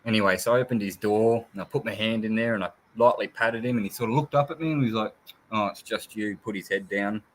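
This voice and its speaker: A man's voice: fairly low pitch, fast, hardly any pauses, a little hiss or hum. A man chatting casually on a livestream, rambling through anecdotes and swearing freely. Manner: rambling storyteller, swears casually, mimics his pet. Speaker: livestream guest.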